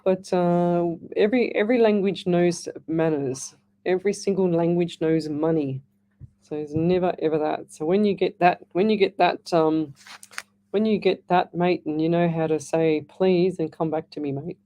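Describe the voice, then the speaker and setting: A woman's voice: fairly low pitch, normal speed, warm tone. A middle-aged woman hosting live radio psychic readings, chatting in a rambling way with frequent restarts. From Australia. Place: radio studio.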